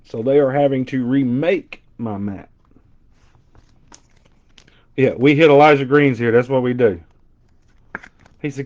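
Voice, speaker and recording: Speaking at medium pitch, a little slowly and with frequent pauses, a middle-aged Southern man breaks trading cards live. He trades animated jokes with his chat and throws in loud impressions, all captured in dull, lo-fi stream audio.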